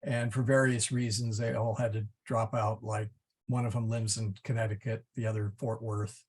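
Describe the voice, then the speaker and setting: A middle-aged man teaching a Latin class, halting, with many fillers and restarts. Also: on the low side, flat delivery, darkish tone, husky. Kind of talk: class lesson.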